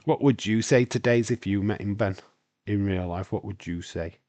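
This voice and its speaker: A man's voice: fairly low pitch, moderate pace, darkish tone, no room sound. A man with a Yorkshire accent hosting a casual wrestling watch-along stream, rambling on and answering chat questions with lots of fillers.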